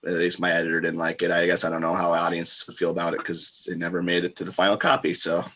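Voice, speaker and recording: A man's voice: low voice, monotone, fast talker, a bit bright. A man, a book author and podcast guest, talking in a rambling, casual way with many fillers and restarts.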